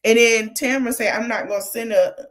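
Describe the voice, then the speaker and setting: A woman hosting a podcast, retelling a reality TV episode in a chatty, animated way with sassy asides. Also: on the high side, brisk. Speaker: podcast host. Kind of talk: casual reality TV recap.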